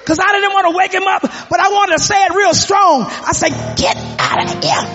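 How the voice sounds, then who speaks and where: Very high-voiced man preaching fervently. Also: fairly even intonation, fairly quick, over music. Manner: fervent preaching, shouted lines, call-and-response with the congregation. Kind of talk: sermon. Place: church sanctuary. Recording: echoey hall, dull lo-fi sound.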